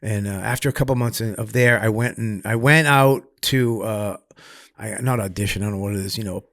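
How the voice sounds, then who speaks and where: A middle-aged man, a comedian telling stories in an interview, profane and animated. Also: on the low side, fairly quick, vocal fry, no echo, clean studio sound. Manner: profane, animated, acts out other people's voices loudly. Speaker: comedian guest. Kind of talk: candid storytelling in conversation.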